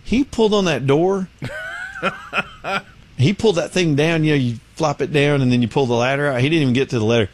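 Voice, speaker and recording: A man's voice: on the high side, fairly quick, a little mellow, slight background noise. A man hosts a radio talk show and spins loose, chatty stories. He slips into other people's voices as he tells them and laughs often, in an easy conversational tone. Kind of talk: casual chat.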